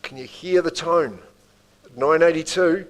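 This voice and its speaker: Kiwi auctioneer, higher voice, unhurried calls. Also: male voice, low-quality recording. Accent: New Zealand. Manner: rhythmic bid-calling with chatty asides to the room. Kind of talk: live property auction calling. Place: property auction room or site.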